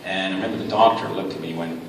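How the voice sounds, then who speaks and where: A man telling a lively anecdote to a convention audience and acting out the voices of the people in his story. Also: deep voice, very fast, very noisy. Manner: acts out quoted dialogue, frequent restarts. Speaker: guest speaker at a fan convention panel. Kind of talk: animated anecdote told to a live audience. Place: large convention hall. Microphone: fan camera far from the stage. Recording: roomy hall reverb heard from far off, loud ambience.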